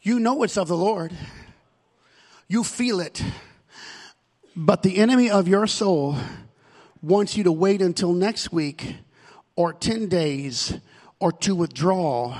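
A male pastor delivering an impassioned sermon that builds to shouted calls. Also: high-pitched, expressive, takes it slowly, pauses often, big-room sound.

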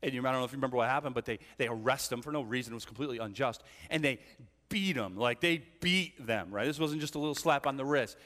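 Speaking rapid-fire in a medium-pitched, slightly bright voice, a pastor preaches in a church hall. His sermon is conversational storytelling dotted with frequent "right?" asides, heard through long church hall reverb.

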